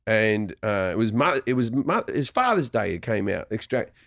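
A man with an Australian accent, a guest comedian telling animated, sweary stories in a casual podcast chat. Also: fairly low pitch, normal speed, no echo, studio quality. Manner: animated storyteller, swears, jumps into voices.

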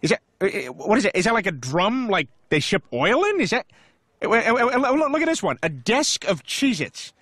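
An actor voicing a loud, dim-witted middle-aged cartoon dad with a nasal, blustering delivery. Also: male voice, sits high, very animated, a little fast, no echo, studio quality, heavily acted. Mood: incredulous. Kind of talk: animated sitcom dialogue.

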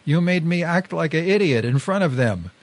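A man voicing a furious, drugged-up man who shouts and screeches at the narrator in a story reading. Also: a little high, animated, moderate pace, voice pushed up.

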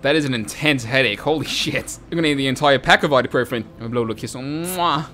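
A young man doing comedic let's-play commentary, rowdy, joking and often yelling and laughing. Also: medium pitch, rapid-fire, soft background music. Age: young adult. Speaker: gaming YouTuber.

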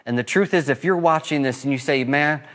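A man preaching a sermon as pastor, rising to loud impassioned peaks and dropping to soft, slow lines. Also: a little high. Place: church.

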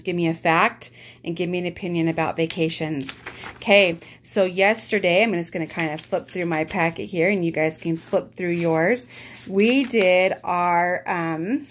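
Friendly chatty woman teacher. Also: fairly low pitch. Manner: friendly and chatty, addresses kids as guys. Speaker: fourth grade teacher. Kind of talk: remote reading lesson to students.

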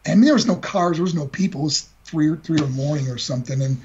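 An older man with a very husky voice, telling a personal story in an earnest, heartfelt way with many repeated words. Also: on the high side, fast, a little mellow. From United States. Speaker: guest speaker. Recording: dull lo-fi call audio.

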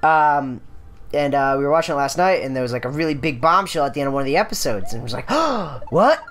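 A woman's voice: low-pitched, animated, fast. A woman co-hosting a casual gaming video, rambling through anecdotes, swearing freely and laughing often. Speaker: let's play co-host.

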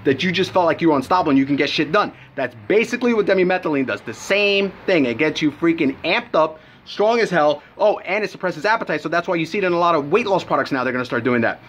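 A man's voice: a little high, animated, fast talker, few pauses, a bit bright. A young man giving a brash, profane supplement review in a casual vlog, telling his story with lots of animation.

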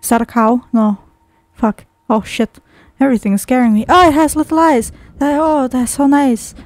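Woman, high voice, horror game commentary, jumpy, swears a lot, dry sound. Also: steady tone, normal speed, dry recording. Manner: jumpy, heavily profane, talks to herself. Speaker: game streamer.

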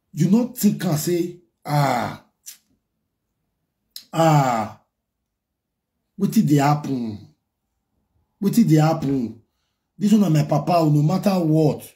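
Scolding Nigerian man ranting at a caller. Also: a little high. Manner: scolding, mocking, rising into loud outbursts. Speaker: talk show host.

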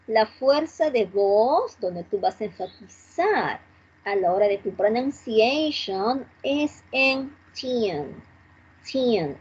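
A woman leads an online English class, talking slowly and repeating each word for practice. Her voice is very husky and fairly high, and it comes through a dull, lo-fi video call. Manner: slow, drilling repetition, switching between English and Spanish. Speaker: English teacher.

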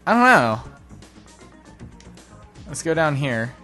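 Excitable young man commentating gameplay. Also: a little high, slow, faint music behind. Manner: excitable, self-deprecating, given to sudden yelps. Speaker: let's play commentator.

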